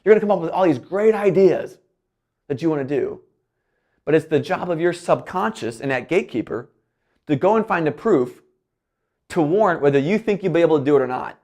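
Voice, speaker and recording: Man on a keynote stage, lifted voice, animated delivery that slips into quoted self-talk. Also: on the high side, a little fast. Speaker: keynote speaker.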